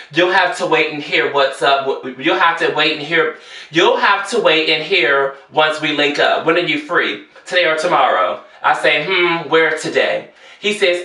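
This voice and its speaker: A man telling a story in a sassy, theatrical rant, jumping into high exclamations. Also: pushed and bright. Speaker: vlogger. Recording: echoey room, voice a bit far from the mic.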